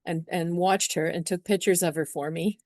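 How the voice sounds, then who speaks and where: A woman's voice: lowish voice, steady tone, normal speed, a little mellow, no room sound, clean studio sound. A woman astrologer talking casually to her viewers, chatty and meandering, slipping into acted-out little scenes. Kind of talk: casual astrology talk to camera.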